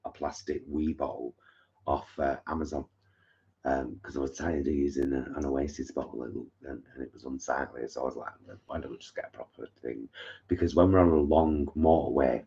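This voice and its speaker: A man's voice: a bass voice, fairly even intonation, a little fast, creaky, mellow. A man co-hosting a live stream from his living room, chatting frankly and reading out viewer comments with plenty of fillers. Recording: dull lo-fi live stream audio.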